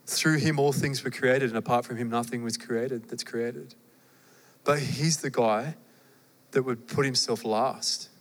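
A young adult man with an Australian accent, preaching a sermon in a conversational, animated way with asides to the listeners. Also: mid-range voice, measured pace. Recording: long hall reverb.

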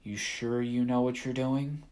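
A man's voice: medium pitch, level tone, unhurried, darkish tone, lightly acted. A man playing a wheezy old fox. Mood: strained. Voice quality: wheezy, strained. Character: wheezy old male fox, wry and weary.

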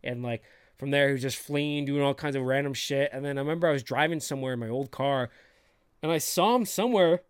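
A man's voice: medium pitch, fast talker, clean tone, no echo, studio quality. A young man, a podcast host, telling rambling, profane stories in casual chat with lots of fillers and restarts.

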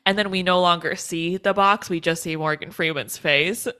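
A woman co-hosting a podcast, recapping a film in casual chat, lively and laughing. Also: fairly low pitch, normal speed, clean tone. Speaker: podcast co-host. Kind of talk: casual chat about a movie.

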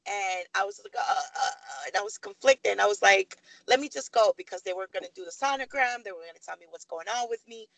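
A woman's voice: mid-range voice, fast talker, gravelly, few pauses, no echo, low-quality recording. A woman in her thirties, a podcast guest, telling a personal story candidly and acting out the voices of people she quotes. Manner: animated, acts out quoted voices.

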